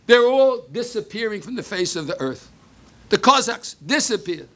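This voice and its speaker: An older man giving a sermon, telling a story with Hebrew phrases mixed in, moving between hushed and emphatic delivery. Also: high voice, sing-song, normal speed. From United States. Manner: mixes Hebrew phrases into English.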